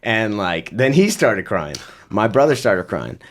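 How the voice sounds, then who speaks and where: Young guy from vegas, really low voice, rambly storyteller on a podcast, lots of "you know". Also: very animated, a little slow. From Las Vegas, United States. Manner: rambling storytelling with many fillers and laughs. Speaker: guest musician. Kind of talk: casual interview chat.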